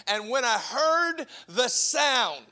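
A man preaching a sermon, impassioned, swinging from shouts to hushed, drawn-out phrases. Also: very high voice, very animated. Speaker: pastor.

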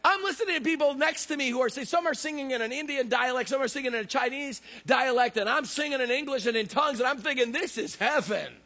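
A man preaching a lively, joking sermon who acts out voices in his stories. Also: very high voice, fast, hardly any pauses. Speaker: pastor. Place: church service.

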